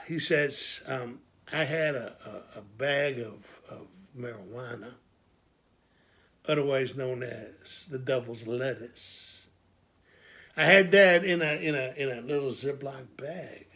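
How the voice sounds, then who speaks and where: A man performing an improvised comic monologue as a swearing, streetwise family man, telling his story with quick asides. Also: mid-range voice, bright, forceful tone. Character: Pork Chop, a gruff middle-aged family man. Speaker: comedian doing an improvised monologue.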